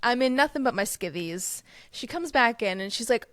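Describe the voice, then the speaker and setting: A young woman co-hosting a casual chat podcast, telling a story with lively acted-out quotes. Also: moderate pace, dry recording. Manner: animated storyteller, acts out quoted people with pitch jumps. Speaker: podcast co-host.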